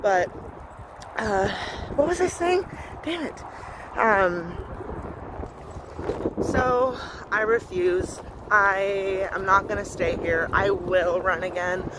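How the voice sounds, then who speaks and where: Blunt, fast-talking young woman outdoors in wind. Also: medium pitch. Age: 20s. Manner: blunt, swears a lot, talks fast and loud. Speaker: vlogger. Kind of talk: candid personal update vlog. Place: outdoors on a windy day. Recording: wind noise on a phone recording.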